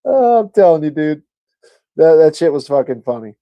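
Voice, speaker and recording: A man's voice: fairly high pitch, big pitch swings, normal speed, long pauses, dark tone, no echo. A man hosting a livestream, chatting casually and reading viewer comments, rambling, joking and swearing a lot. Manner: laid-back and rambling. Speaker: livestream host.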